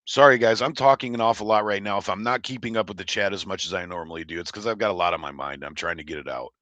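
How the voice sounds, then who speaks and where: A man's voice: deep voice, fast talker, a bit bright, no room sound. A man from Oregon hosting a livestream, chatting casually and reading chat in a rambling, blunt, profane way. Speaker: livestream host.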